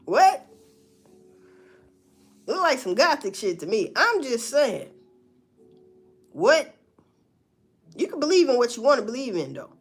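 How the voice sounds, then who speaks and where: A woman's voice: high voice, big pitch swings, measured pace, long pauses, slightly rough. A woman, musing in a casual, profane monologue full of rhetorical questions. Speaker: vlogger.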